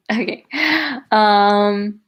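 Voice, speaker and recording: Over dull audio, a young livestream host and cover singer speaks extremely slowly in a mid-range, flat, smooth voice. She gushes and chats while reading viewer comments aloud, peppering her talk with "like" and "oh my God."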